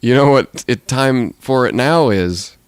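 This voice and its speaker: A man's voice: mid-range voice, lively intonation, unhurried, smooth, no room sound. A man co-hosting a casual podcast, playfully telling an improvised story and laughing as he talks. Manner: playful, laughs while talking. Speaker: podcast co-host.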